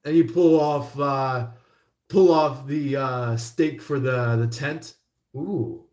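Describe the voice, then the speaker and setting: A man's voice: medium pitch, fairly even intonation, extremely slow, roomy sound. A man doing a casual tarot reading who rambles with lots of fillers and acts out little quotes. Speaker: tarot reader.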